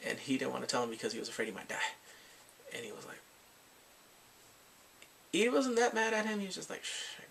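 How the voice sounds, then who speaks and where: A man's voice: mid-range voice, very animated, fairly quick, gravelly, pauses often, fairly bright tone, breathy edge. A man casually recapping drama episodes, rambling and filling his talk with "like" and acted-out quotes. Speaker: drama reviewer.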